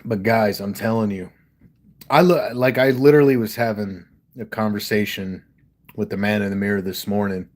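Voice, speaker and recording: Man from Delaware, lowish voice, candid and profane, hosts his own livestream chat into a studio mic. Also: fairly even intonation, moderate pace. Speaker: livestream host and rapper. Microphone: studio microphone.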